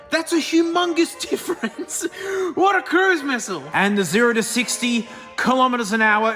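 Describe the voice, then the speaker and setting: Australian male car vlogger, high and excitable, slangy and quick to laugh; reverberant garage sound. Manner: excitable, chatty, laughs often, lots of slang. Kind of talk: casual commentary over car work and testing.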